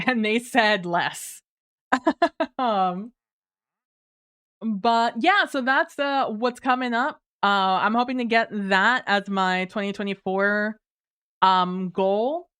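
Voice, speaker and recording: A woman hosting a live stream speaks in an unhurried, clear voice, reading out viewer messages. She laughs often, apologizes, and trails into fillers and restarts. She talks from her home computer desk into a streaming mic. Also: fairly high pitch, fairly bright tone. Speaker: livestreamer.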